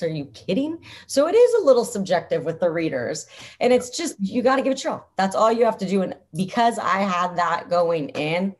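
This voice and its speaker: Young adult woman, interview guest, slightly low voice, lively and chatty with lots of fillers. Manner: upbeat, chatty, frequent "like" fillers and laughs. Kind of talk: casual interview talk.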